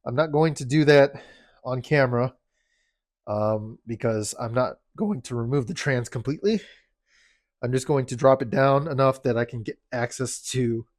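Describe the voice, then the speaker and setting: With a mid-range voice and clean studio sound free of room tone, a car enthusiast vlogger casually walks through car parts. He's out of breath in a cold, dim home garage, explaining haltingly with many fillers and restarts.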